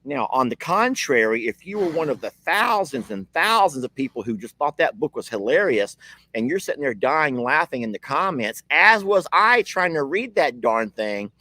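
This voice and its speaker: A man talks casually to his live-stream viewers from outdoors on a ranch. His slightly high voice rises and falls a lot as he chats. He laughs things off easily and calls out to his dogs, and the sound is dry and close. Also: big pitch swings, normal speed, sharp tone, no room sound. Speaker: ranch vlogger hosting a live video.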